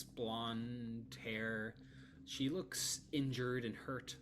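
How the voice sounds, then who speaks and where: A man's voice: mid-range voice, a little slow, a bit bright, slight background noise. A man narrating as game master of a tabletop game, in a casual, filler-heavy way.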